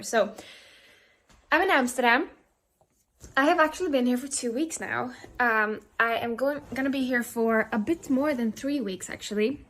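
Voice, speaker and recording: A woman's voice: a little high, normal speed, a bit bright. A young woman chatting casually in a vlog from an apartment, rambling and self-deprecating with lots of fillers and restarts. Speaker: vlogger. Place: indoors in a rented apartment.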